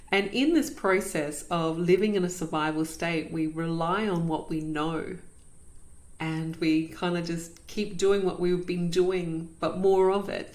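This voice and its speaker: A woman's voice: fairly low pitch, a little mellow. A woman, host of a podcast, telling her own story in an earnest, reflective way and repeating phrases for emphasis. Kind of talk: personal storytelling.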